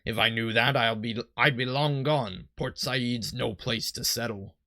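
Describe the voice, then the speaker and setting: A man doing a gruff old boat captain. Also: mid-range voice, unhurried, sharp tone, no room sound, clean studio sound. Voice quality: rough pirate-ish put-on voice. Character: gruff male harbor boat captain, weathered and wary.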